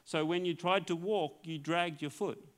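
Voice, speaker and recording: Man telling a lively testimony. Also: a little high, moderate pace. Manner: storytelling, acts out dialogue, laughs often. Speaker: pastor. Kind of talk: testimony sermon.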